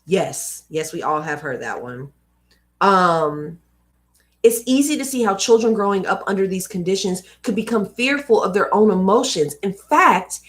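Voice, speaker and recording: A woman's voice: medium pitch, expressive, a little slow. A young adult woman hosting a live read-aloud, reading a book and adding casual, emphatic asides. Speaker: host reading books aloud.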